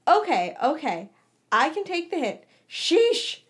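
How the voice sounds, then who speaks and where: A cocky, teasing teenage wizard boy, voiced by a woman reading a story, pitched high and loud with brash swagger. He needles and pesters in a playful, self-assured storybook voice. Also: big pitch swings, a little slow.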